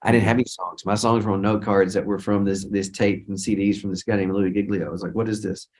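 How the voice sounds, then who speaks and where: A man's voice: fairly low pitch, level tone, quick pace, a little mellow. A middle-aged man, a guest worship leader, telling stories in a casual interview in a rambling way, with many restarts and quoted dialogue.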